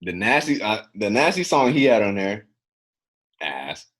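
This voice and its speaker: A man's voice: fairly low pitch, very animated, unhurried, fairly bright tone. A young man co-hosting a casual podcast, telling a story with lots of swearing and acted-out quotes. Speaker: podcast co-host.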